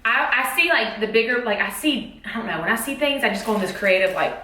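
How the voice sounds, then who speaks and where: A woman teacher vlogger chats casually about a haul of school supplies, bubbly and full of exclamations. Her voice is a little high, animated and sharp, and she talks quickly. The room she's in is echoey.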